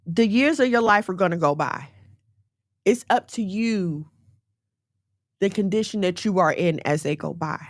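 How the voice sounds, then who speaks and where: A woman giving a conversational sermon in a direct, animated way, mixing scripture with everyday slang. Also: medium pitch, a little slow, pauses often, no echo, clean studio sound. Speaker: faith teacher.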